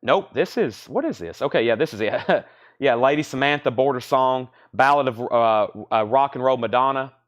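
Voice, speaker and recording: A man with a Southern American accent hosts a live vinyl auction stream, calling out record titles, bids and prices one after another. He breaks off into easygoing asides, and his voice sits at an ordinary middle pitch. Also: normal speed, dull audio. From Southern United States. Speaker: host of a live record sale. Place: record shop.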